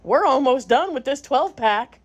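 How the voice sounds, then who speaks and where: An amused beer drinker lounging on a back porch, quoted by a woman in her own fairly high voice. He talks in a blunt, offhand way. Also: lively intonation, measured pace.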